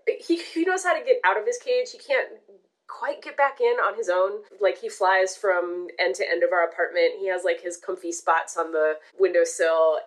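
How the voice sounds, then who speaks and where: A woman telling a long personal story in casual podcast chat, animated and swearing casually. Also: lowish voice, low-quality recording.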